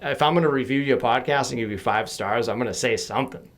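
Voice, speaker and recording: A young man talks in a loose, rambling way, full of fillers and quick self-deprecating laughs. His voice sits at an everyday middle pitch. He sounds like a podcaster on a home mic during a remote call. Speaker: podcast host as guest. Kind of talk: casual chat.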